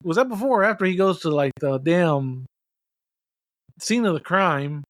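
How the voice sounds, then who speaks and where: Man, podcast co-host, laid-back, recaps scenes, fairly high voice, dry close sound. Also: animated, normal speed, dry recording. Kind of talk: casual movie review chat.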